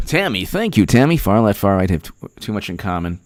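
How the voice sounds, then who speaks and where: A man hosting political commentary, talking with mocking, deadpan sarcasm. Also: fairly low pitch, fairly quick, hardly any pauses, no room sound, studio quality. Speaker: host.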